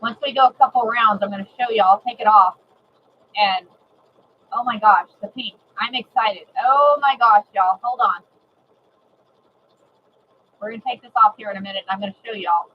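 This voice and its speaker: A woman giving a live sewing demonstration, chatty and excitable, repeating herself and greeting viewers. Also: medium pitch, moderate pace, pauses often, dull audio. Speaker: sewing instructor.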